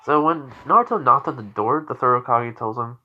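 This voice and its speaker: A man's voice: mid-range voice, brisk, narrow, tinny audio. Tired young man rambling through a story. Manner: rambling, tired, sighs often. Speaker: fan storyteller. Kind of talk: improvised fan-fiction narration.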